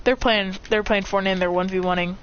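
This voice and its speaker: A woman's voice: medium pitch, steady tone. A woman rambling through an improvised fan-fiction story, on a dull lo-fi recording. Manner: rambling, quick.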